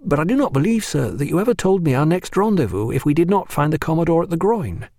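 A man's voice: a little high, big pitch swings, fast talker, a little mellow, no room sound, clean studio sound, voice pushed up. A man voicing a young male naval officer who speaks in an embarrassed, compassionate voice, in an audiobook reading. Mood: awkward.

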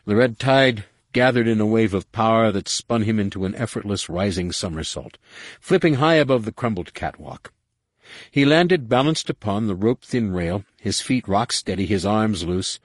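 A man reading a dramatic novel aloud in a measured storytelling manner. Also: on the low side, no echo. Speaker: audiobook narrator. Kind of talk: scripted narration.

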